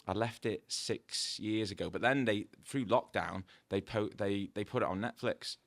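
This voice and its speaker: A man's voice: on the low side, moderate pace, creaky, a little hiss or hum. A middle-aged man, a podcast guest telling casual anecdotes, acting out the dialogue and laughing often. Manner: lively storyteller, acts out dialogue, laughs often. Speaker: guest, tattoo artist.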